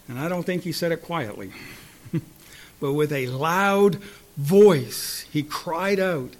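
Slow, high-voiced preacher with dramatic swings. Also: male voice, expressive. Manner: dramatic, swings from loud cries to hushed asides; slow, deliberate delivery with rhetorical questions. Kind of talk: sermon.

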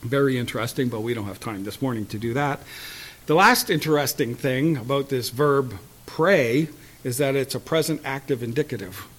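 A man's voice: medium pitch, a bit bright. Man preaching a Bible-teaching sermon. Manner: measured teaching tone with fillers and throat clearing.

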